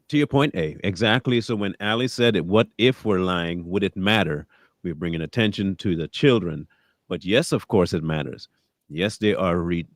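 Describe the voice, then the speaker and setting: A man's voice: low-pitched, dry recording. A man co-hosting a live talk stream, speaking casually and animatedly, acting out quoted voices and laughing often. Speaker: co-host.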